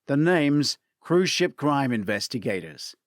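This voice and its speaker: A man's voice: mid-range voice, very animated, unhurried, no room sound, studio quality. A man voicing a blunt, sarcastic older American detective in a spoken audiobook. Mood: dry. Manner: curt, sarcastic, dismissive.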